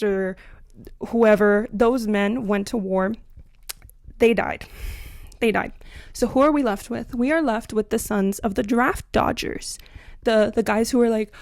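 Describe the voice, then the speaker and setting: A young woman ranting to camera about dating, blunt and sarcastic, swinging between loud outbursts and muttered asides. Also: medium pitch, steady tone, a little slow, creaky, dry recording, clean studio sound. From Latina. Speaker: comedic commentary host. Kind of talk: scripted comedic rant to camera.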